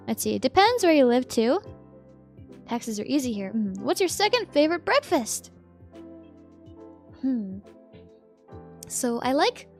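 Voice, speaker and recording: Tired giggly girl streamer chatting w her viewers, high voice, soft music in the back. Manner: giggly, reads out chat messages and answers them. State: sleepy. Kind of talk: casual chat with viewers.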